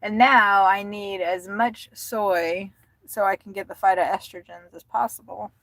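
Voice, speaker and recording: A woman's voice: medium pitch, fairly even intonation, a little slow, no echo, rough recording. A woman, chatting casually and giggling as she drives and livestreams her food deliveries. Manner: chatty, giggly, reads chat aloud. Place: inside a car while driving. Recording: loud road noise from driving.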